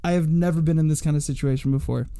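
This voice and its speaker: A man's voice: on the high side, steady tone, fast, mellow, no room sound. A young man co-hosting a podcast, telling a story in a rambling casual way with repeated words and frequent laughs. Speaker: podcast co-host.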